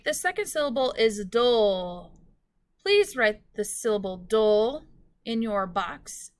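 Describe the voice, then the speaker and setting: A woman teacher with a slightly high voice records a phonics lesson, speaking slowly and clearly and drawing out words for her students.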